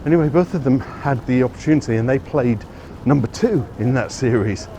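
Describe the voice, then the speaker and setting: With a medium-pitched, dark-toned voice, a man narrates a casual walking tour outdoors, talking a little fast. He rambles chattily along the city streets and corrects himself often, with traffic noise audible throughout.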